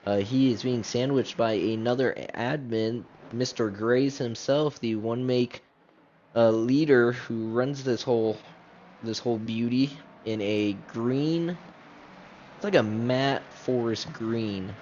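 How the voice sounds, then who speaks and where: A man's voice: medium pitch, slow, darkish tone, highs cut off, slight background noise. A man giving casual, chatty commentary on a sim race, talking straight to viewers and correcting himself as he goes.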